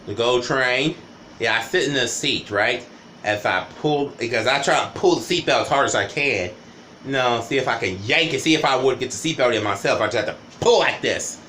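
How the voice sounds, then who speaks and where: A man's voice: mid-range voice, brisk, bright, forceful tone, a little hiss or hum. Rambling man telling a coaster story. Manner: rambling, repeats "right?" and "you know". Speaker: vlogger. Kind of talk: casual storytime monologue.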